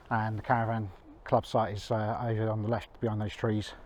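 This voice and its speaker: A man's voice: fairly low pitch, flat delivery, a little fast, hardly any pauses, slight background noise, poor audio. Chatty man vlogging outdoors. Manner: chatty, self-mocking, rambling. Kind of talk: walking vlog to camera. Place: outdoors on a country walk. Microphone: handheld camera.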